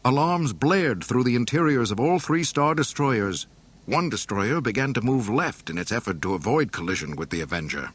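A man reading a storybook aloud in a dramatic, expressive way. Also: mid-range voice, normal speed, breathy edge. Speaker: narrator. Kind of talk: storybook narration.

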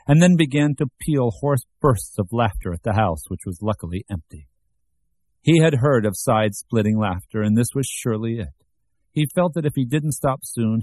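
A man narrating an audiobook with measured, even storytelling. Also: mid-range voice, no echo. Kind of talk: scripted narration.

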